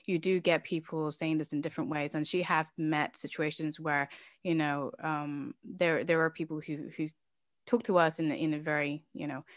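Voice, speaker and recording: A woman's voice: deep voice, flat delivery, moderate pace, dry recording, clean studio sound. A woman, an immigrant mother living in Norway, telling a personal story as an interview guest, emotional and laughing at times, with many fillers.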